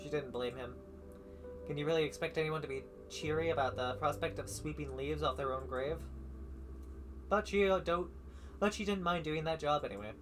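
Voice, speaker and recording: A man's voice: on the high side, normal speed, a bit bright, soft background music. A man streaming a visual novel, reading every character's lines and the narration himself, stumbling now and then and adding his own asides.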